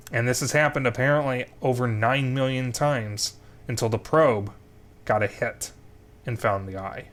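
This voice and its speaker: A young man talks through a game as he plays, thinking aloud as he recaps the story and plans his next steps. His voice sits at a middle pitch, with a casual streamer's delivery. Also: fairly bright tone. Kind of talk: gameplay commentary.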